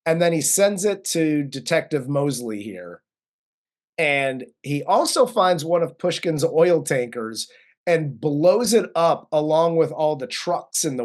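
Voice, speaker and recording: A man co-hosting a movie review, casually recapping the plot, relaxed and profane with frequent laughs. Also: on the high side. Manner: laid-back, profane, laughs often. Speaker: co-host of a movie review show.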